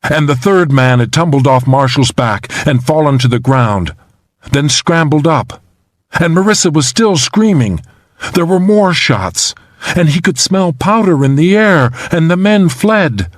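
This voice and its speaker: A man's voice: a little high, animated, measured pace, no room sound, studio quality. A man narrating a thriller audiobook in a dramatic, tense storytelling manner. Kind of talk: scripted narration.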